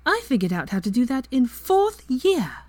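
A woman voicing a fierce, clever young witch in a fan story reading, pitched higher and louder than her narration. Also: big pitch swings, fairly quick.

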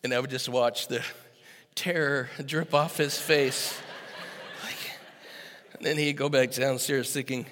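A man in his sixties preaching a sermon as pastor, moving from easy storytelling to loud, emphatic preaching. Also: mid-range voice, fairly even intonation, measured pace, pauses often, a little hiss or hum. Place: church sanctuary. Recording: echoey hall with long reverb.

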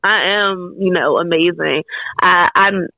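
A woman with a gravelly, creaky voice talks frankly and candidly as a podcast guest, dropping the odd curse. Her voice comes through a thin, phone-like line with a dry, close sound. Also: lowish voice, steady tone, takes it slowly, no echo. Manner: candid, frank, swears casually. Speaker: guest author. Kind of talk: casual podcast chat.

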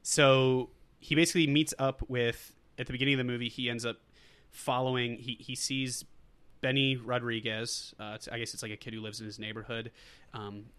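A man's voice: mid-range voice, fairly bright tone, clear, resonant tone. A man co-hosting a podcast, recapping a movie in a rambling, casual way with lots of fillers. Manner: rambling, full of fillers and quoted lines. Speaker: podcast co-host.

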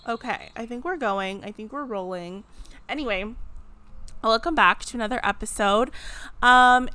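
A woman's voice: on the high side, bright, forceful tone. A young woman hosting her own podcast, chatting casually and playfully with lots of fillers and laughs. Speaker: podcast host. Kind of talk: casual solo podcast chat.

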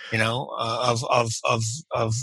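A man from the United States, talking as a guest in a casual conversation, halting and repeating words as he searches for them. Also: mid-range voice, monotone, sharp tone, husky, dry recording, low-quality recording.

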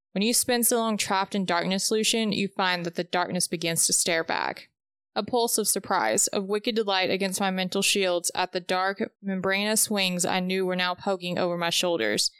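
A woman reading aloud a chapter-by-chapter recap of a novel, with the dialogue read in a steady, even pace. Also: lowish voice, smooth, no echo, studio quality.

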